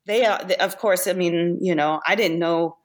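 A woman, a guest makeup artist, telling stories in a casual chat, lively and laughing often. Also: fairly low pitch, normal speed. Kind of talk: casual storytelling.

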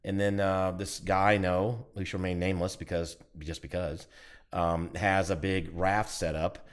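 A man's voice: low voice, flat delivery, normal speed. A man co-hosting a podcast, chatting casually, recalling a trip with loose, rambling sentences. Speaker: podcast co-host. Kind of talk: casual chat.

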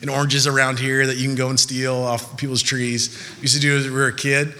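A young man preaching a sermon in a conversational, animated way, from Southern California. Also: medium pitch, fast talker. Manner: conversational, animated storytelling with laughs. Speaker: pastor. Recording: long reverb of a large hall.

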